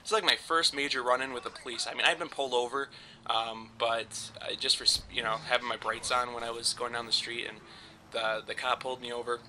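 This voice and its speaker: A man's voice: medium pitch, fairly even intonation, brisk, sharp tone, slight background noise. A young man casually telling a story over gameplay, rambling and swearing often with frequent laughs. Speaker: gaming commentator.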